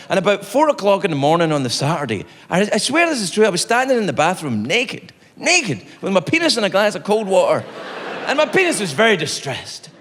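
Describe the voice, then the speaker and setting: A Scottish man doing stand-up comedy, telling an animated story that swings between loud outbursts and low asides. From Scotland. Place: theater stage before a live audience. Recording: long hall reverb, audience noise. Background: audience laughter.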